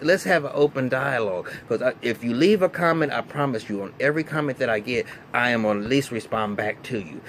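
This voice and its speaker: A man, recapping a TV episode in a casual, animated, profane way full of fillers and restarts. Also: mid-range voice, a little hiss or hum. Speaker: TV recap vlogger.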